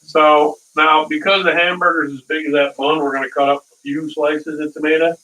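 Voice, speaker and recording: A man's voice: on the high side, level tone, normal speed, pushed and bright. A man hosting a casual live cooking stream, rambling through stories and chuckling at his own dad jokes, from a distant mic.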